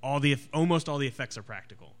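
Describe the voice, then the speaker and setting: A man's voice: mid-range voice, lively intonation, fast talker. A man co-hosting a podcast, talking enthusiastically and interrupting himself in casual chat. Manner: rambling, self-interrupting, enthusiastic. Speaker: podcast co-host.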